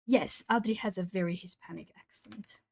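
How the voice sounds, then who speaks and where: A woman's voice: medium pitch, moderate pace, vocal fry, breathy edge. A Brazilian woman from the south of Brazil, chatting casually with viewers and thinking aloud while she colors on an art stream.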